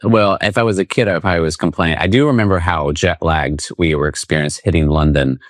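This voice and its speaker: Male podcast guest from the American South, very low voice, rambling dry wit, close dry sound. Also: fast talker, dry recording. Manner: rambling, dry sarcastic humor. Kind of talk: casual interview chat.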